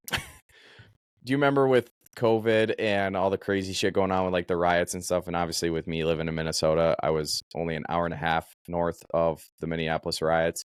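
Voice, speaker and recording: A man hosting a podcast, telling a story in an animated, profane, casual way. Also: deep voice, a little fast, clean tone, dry recording, studio quality. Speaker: podcast host.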